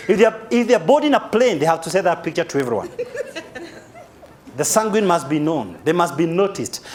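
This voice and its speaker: Lively Kenyan man giving a seminar. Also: high-pitched. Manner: humorous, animated, spells key words aloud. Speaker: motivational speaker. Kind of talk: live seminar talk.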